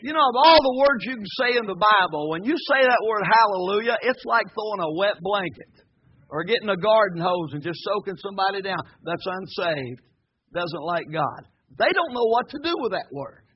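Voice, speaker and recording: Preacher guy, high husky voice, chatty and jokey then shouting hallelujah, kinda muffled recording. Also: lively intonation, moderate pace. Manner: folksy and joking, swelling into shouted hallelujahs. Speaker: pastor. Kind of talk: sermon. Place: church sanctuary before a congregation.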